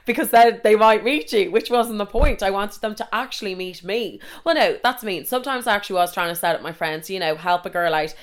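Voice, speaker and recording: A young Irish woman telling stories casually, animated and swearing freely, acting out the people she quotes. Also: mid-range voice, fairly quick, few pauses. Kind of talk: casual storytelling monologue.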